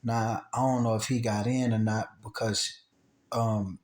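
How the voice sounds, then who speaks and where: A man's voice: on the low side, unhurried. A man casually telling a personal story, acting out quotes and sound effects and often repeating himself. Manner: animated, acts out gunshots and quotes, repeats himself. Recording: roomy echo.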